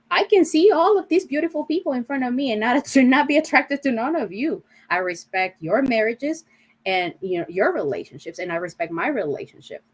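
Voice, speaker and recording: A woman's voice: lowish voice, a bit bright, low-quality recording. A woman on a discussion panel, earnestly explaining her views on relationships and boundaries.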